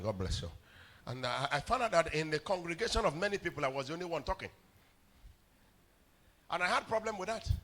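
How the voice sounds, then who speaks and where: A male pastor delivers a sermon in storytelling fashion. His bright, forceful voice swings widely in pitch, climbing into loud shouts at the peaks. He often stammers and repeats words. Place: church hall.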